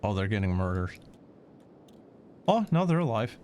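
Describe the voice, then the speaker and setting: A man's voice: lowish voice, sing-song, moderate pace, darkish tone, slight background noise. A man streaming a game in casual chat, sarcastic and swearing as he answers chat.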